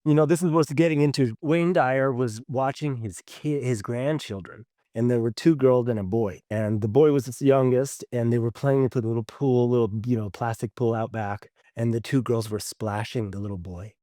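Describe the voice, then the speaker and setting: An earnest male podcast co-host tells stories in a casual, swearing, often laughing manner. His voice sits at a middle pitch, and the sound is close and dry. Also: fairly even intonation, normal speed, hardly any pauses, warm tone, no room sound.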